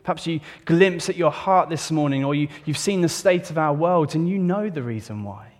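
A man's voice: fairly high pitch, moderate pace. A man preaching a sermon in a church, reading scripture solemnly and putting earnest questions to his listeners. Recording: long reverb of a church hall.

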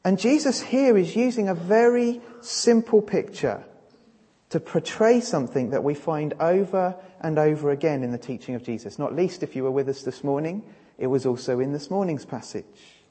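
A man's voice: on the high side, moderate pace, mellow, slightly rough. A man preaching a sermon in an emphatic style, his delivery rising and falling. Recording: reverberant hall.

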